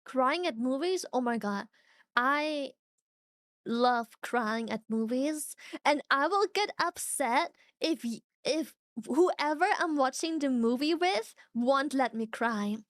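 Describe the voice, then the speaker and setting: A young woman with a high voice chats with her stream viewers in a lively, unfiltered way. She swears freely and breaks into laughter often. The sound is close and dry. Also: slow, no room sound. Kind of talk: casual chat reacting to viewers.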